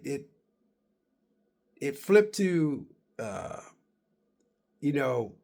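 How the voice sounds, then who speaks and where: A man with a somewhat higher voice recaps a game he finally finished. He rambles casually, full of "uh" and "you know," backing up and restarting his sentences. His excitement comes through as he pushes to get the whole story out. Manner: excited and emphatic about finishing. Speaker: gaming vlogger.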